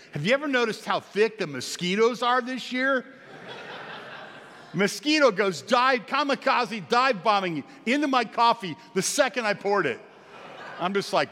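A middle-aged male pastor preaching a sermon to his congregation, telling stories with jokey asides and swinging from quiet to loud. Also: high voice, moderate pace, a little hiss or hum. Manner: storytelling, jokey asides, animated swings in volume. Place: church sanctuary. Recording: long hall reverb.

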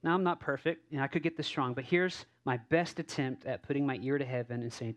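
A man preaching as a pastor in a relaxed, conversational sermon, telling stories with asides and frequent restarts. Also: mid-range voice, brisk, few pauses. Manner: casual, self-correcting, storytelling with asides. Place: church service.

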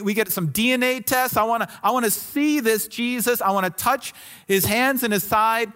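A man's voice: high-pitched, pushed and bright. A preacher voicing a doubting, anxious male disciple who insists on proof, in a restless, pleading way.

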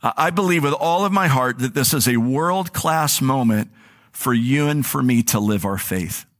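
A man's voice: medium pitch, expressive, moderate pace, fairly bright tone. A male pastor giving a conversational sermon. He tells personal stories in an earnest way. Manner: earnest, storytelling, anecdotal.

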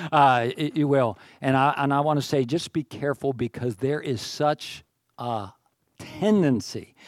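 A male pastor preaches in a casual, conversational way, full of humble asides. His voice climbs and grows louder when he drives a point home. The sound is dry and close, with no room echo. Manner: informal, earnest, with self-deprecating asides; rises in pitch and volume when stressing a point. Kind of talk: conversational sermon.

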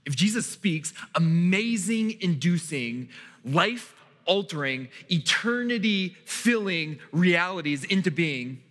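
Pastor guy preaching slow, big swoopy delivery, lots of pauses, echo from a big church hall. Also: high voice, animated, a bit bright. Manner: emphatic preaching with dramatic pauses and repetition. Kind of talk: sermon.

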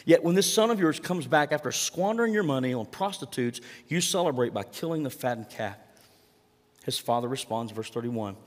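A man's voice: mid-range voice, animated, a little fast. Man preaching in a reverberant hall. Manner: conversational preaching with rhetorical questions. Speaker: pastor. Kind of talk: sermon.

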